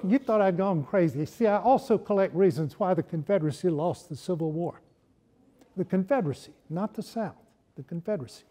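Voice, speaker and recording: A man with a high, warm voice lectures to a campus audience. He tells his points as stories, slipping in wry jokes. The tone stays mellow and relaxed. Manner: humorous storytelling, wry asides. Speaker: historian giving a lecture.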